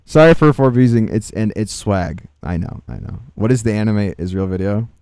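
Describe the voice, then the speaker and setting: A man's voice: on the low side, moderate pace, heavy background noise. A young man hosting a casual reaction livestream, joking and exclaiming in slangy, loose talk. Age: young adult. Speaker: livestream host. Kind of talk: casual reaction stream chat.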